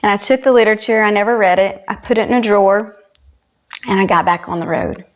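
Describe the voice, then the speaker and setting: Speaking fast in a mid-range voice, this woman is a South Carolina country singer with a Southern US accent. She's a guest who earnestly relates something from her own life, replaying the dialogue as she goes.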